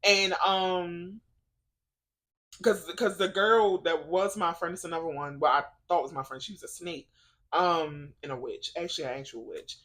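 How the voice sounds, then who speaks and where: A woman vlogging in a casual, faith-based chat, telling stories in an animated, emotional way with lots of laughter and "like". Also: fairly low pitch, moderate pace. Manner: chatty storytelling, lots of "like".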